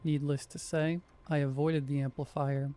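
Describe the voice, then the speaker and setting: A man in his thirties narrates a first-person horror story, with scripted delivery and wry, conversational asides. His voice sits slightly high for a man but sounds mellow and warm. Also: flat delivery, moderate pace.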